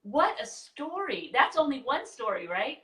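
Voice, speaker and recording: A woman interviewer reacting in a gushing, expressive way and asking questions. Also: high voice, measured pace. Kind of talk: emotional interview chat. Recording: roomy sound from a distant mic.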